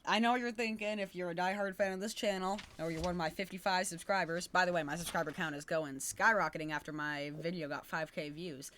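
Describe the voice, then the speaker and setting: A man's voice: high voice, steady tone, fast talker, few pauses, sharp tone, a little hiss or hum. A man giving casual gameplay commentary to his channel, rambling, correcting himself and sounding upbeat but unsure of his facts. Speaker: gaming YouTuber.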